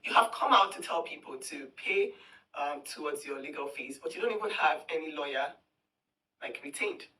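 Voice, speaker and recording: A woman delivers a heated, scornful rant in a piercingly bright, forceful voice. She taunts and talks down at her target. She sits a little back from the mic, so the sound is slightly distant. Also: sits low, expressive, normal speed, a little hiss or hum. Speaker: social media commentator. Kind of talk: heated direct-to-camera rant.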